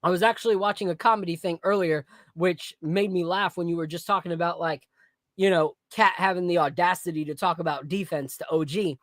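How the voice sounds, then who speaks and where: A podcast host in casual chat about basketball and whiskey, blunt and animated, with plenty of slang. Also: medium pitch, fairly quick, dry recording, clean studio sound.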